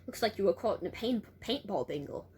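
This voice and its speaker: A woman voicing an easygoing Australian teenage girl with an exaggerated Australian accent, pitched a little higher. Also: expressive, fairly quick, darkish tone, a little hiss or hum, natural voice. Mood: teasing. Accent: put-on Australian.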